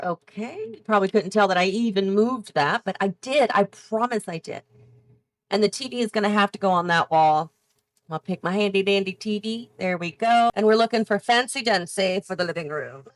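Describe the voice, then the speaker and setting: A woman's voice: mid-range voice, dry recording. Chatty woman thinking aloud while building. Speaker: gaming channel host. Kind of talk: casual build commentary while playing.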